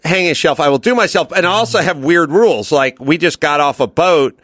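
A man's voice: fairly high pitch, a little fast, a bit bright, no room sound, clean studio sound. A man hosting a podcast in casual chat, telling rambling stories and acting out the voices of people he quotes. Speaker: podcast host.

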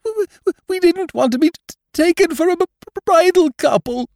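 A man voicing a young bride who stammers through her sobs, very high above his own voice. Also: animated, moderate pace, a little mellow, dry recording, clean studio sound. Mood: sobbing.

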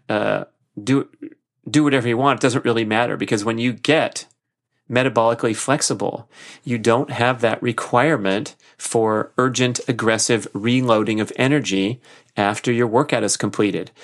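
A man's voice: fairly low pitch, creaky. A middle-aged man hosting a podcast alone, talking casually and enthusiastically with frequent fillers. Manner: enthusiastic, chatty, many fillers. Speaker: podcast host. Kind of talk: casual solo podcast monologue.

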